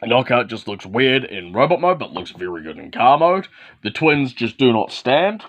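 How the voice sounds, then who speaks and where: A man's voice: medium pitch, very animated, normal speed, a bit bright, no room sound. A man giving a casual, hands-on toy review, calling out short step-by-step moves as he handles the figure. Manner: talks while handling and transforming a toy, short step-by-step instructions. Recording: dull lo-fi, dry.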